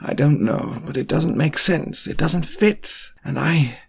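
A man's voice: fairly high pitch, animated, a little slow, vocal fry, breathy edge, pitched above the performer's own voice, heavily acted. A man reading an anguished, pleading wizard. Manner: pleading, urgent questioning. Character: anguished grown wizard man, earnest and desperate. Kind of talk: audiobook reading.

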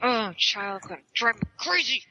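A woman on an online call chatting casually, distracted and tossing off quick asides. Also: fairly high pitch, expressive, pushed and bright, highs cut off. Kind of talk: casual chat.

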